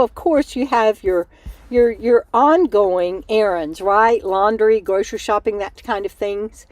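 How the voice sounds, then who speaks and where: A woman's voice: mid-range voice, a little mellow, dry recording. A woman, hosting a casual live chat from home, talking with viewers and her dog. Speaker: host of a live coffee chat stream. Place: at home indoors.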